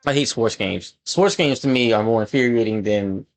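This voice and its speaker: A man chatting casually while he plays, his voice sitting at an ordinary middle pitch. He rambles, fills gaps with ums and likes, and gets louder and more animated whenever something annoys him. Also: normal speed. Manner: rambling, filler-heavy, animated when annoyed. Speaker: gaming channel host. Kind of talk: casual gameplay commentary.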